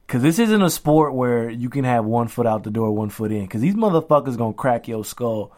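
A young adult man co-hosting a podcast in casual chat, slangy and animated, often quoting others in voices. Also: mid-range voice, brisk, hardly any pauses. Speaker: podcast co-host.

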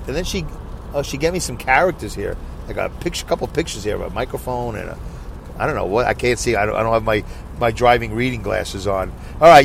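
A man hosting a casual solo podcast from his car, reading listener comments in a high, nasal, self-mocking, chatty way. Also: very animated, moderate pace, gravelly, slight background noise. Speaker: podcast host.

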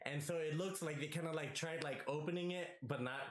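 A young man telling a story in casual chat, animated, swearing freely and acting out the voices of people he quotes. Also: a little high, fairly quick, crowd noise. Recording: echoey room.

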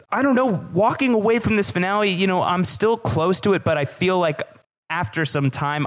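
A man co-hosting a podcast, talking casually in a rambling way with many fillers and restarts. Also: mid-range voice. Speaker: podcast co-host.

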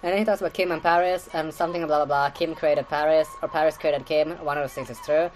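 Low-voiced woman rambling through podcast gossip. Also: fairly even intonation, fast talker, darkish tone, a little hiss or hum, low-quality recording. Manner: profane, filler-heavy, laughing asides. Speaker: podcast recap host. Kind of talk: casual rambling podcast commentary.

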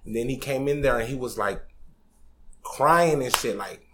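On a podcast, a man in his 20s shares a personal story frankly and emotionally, using slang and swearing freely. He talks at a moderate pace in a slightly bright, medium-pitched voice.

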